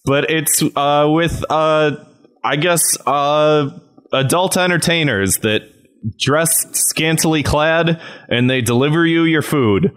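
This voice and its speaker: A man's voice: on the high side, slow, fairly bright tone, clear, resonant tone. Laid-back man hosting a comedy podcast. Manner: laid-back, laughs along, dry comebacks. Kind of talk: casual comedic podcast banter.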